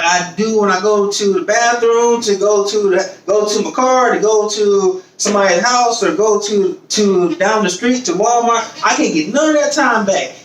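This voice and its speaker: In a poorly recorded, roomy podcast clip, the host sits far from the mic. His high-pitched voice is a bit bright as he chats casually, curses freely, imitates others, laughs a lot and repeats phrases to drive his points home.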